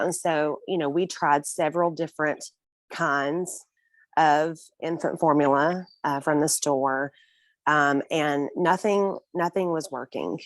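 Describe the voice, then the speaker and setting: A woman's voice: low voice, no room sound. A young woman guest in a casual interview, telling her own story earnestly and emotionally, often breaking into small laughs.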